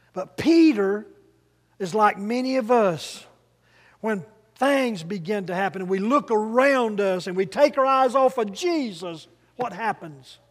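High-voiced preacher in a reverberant hall. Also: male voice. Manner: emphatic, has congregation repeat phrases. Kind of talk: sermon.

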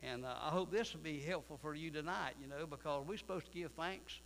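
A man's voice: a little high, animated, moderate pace, fairly bright tone. A man, a pastor preaching a sermon in a church, folksy in manner and building to emphatic preaching. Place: church sanctuary. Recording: distant reverberant room with mains hum.

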